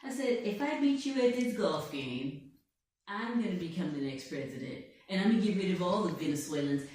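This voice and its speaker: A woman's voice: lowish voice, expressive, fairly quick, a little mellow, lightly acted. A woman doing a comedy impression of a boastful male president who rambles, brags and keeps tagging "okay?" onto his lines. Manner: bragging, rambling, repeats "okay?". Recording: echoey room, distant mic.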